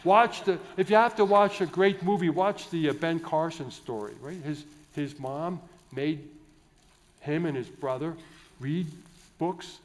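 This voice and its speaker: A man, a Catholic priest from the United States, giving a jovial, digressive conference keynote full of restarts and asides. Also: on the high side. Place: large indoor conference hall.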